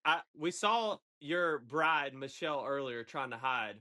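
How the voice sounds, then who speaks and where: A man hosting a podcast, relaxed as he prompts his guest to tell a story. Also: fairly high pitch, measured pace. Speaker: podcast host. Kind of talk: casual interview chat.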